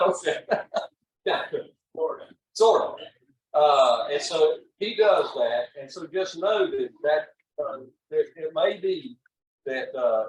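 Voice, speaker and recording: In a meeting room, a man in his seventies serving as chaplain leader runs a training session, rambling in a folksy way with plenty of uh's. His voice is medium-pitched with the highs cut off, and it's captured from far off in an echoey room.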